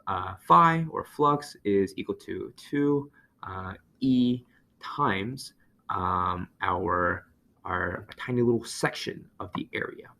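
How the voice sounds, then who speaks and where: A man teaching physics, working through a problem aloud with many fillers and quick self-corrections. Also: low voice, lively intonation, creaky, pushed and bright, slight background noise. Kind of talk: lecture over a whiteboard.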